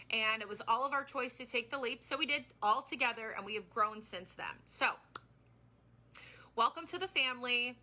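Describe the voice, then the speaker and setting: A small business owner in her thirties addresses her live-stream viewers with earnest, heartfelt sincerity. Her voice is very bright and fairly high, and she tends to ramble and restart her sentences.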